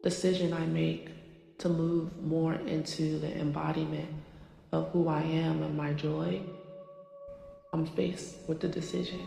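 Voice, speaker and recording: A woman's voice: deep voice, vocal fry, dark tone. A woman in her forties, a spiritual channeler, talking casually and rambling with many fillers. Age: 40s. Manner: rambling, filler-heavy, self-conscious. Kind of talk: casual confessional talk. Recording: echoey room, long reverb, faint music.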